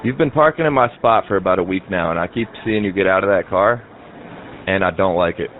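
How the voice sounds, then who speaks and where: A man's voice: sits low, brisk, lightly acted. A man playing a pushy, swearing restaurant manager on the phone. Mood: demanding. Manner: confrontational, swearing. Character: pushy, angry male fast-food manager. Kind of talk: prank phone call. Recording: tinny, noisy phone line.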